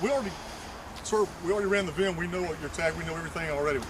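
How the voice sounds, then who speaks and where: A man, a police sergeant on duty by a roadside, speaking calmly and curtly to a citizen. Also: high-pitched, rapid-fire. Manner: calm, curt, matter-of-fact. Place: outdoors beside a road.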